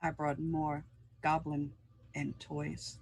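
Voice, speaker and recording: Slow, husky man player. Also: a little high, completely flat delivery. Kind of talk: casual game chat.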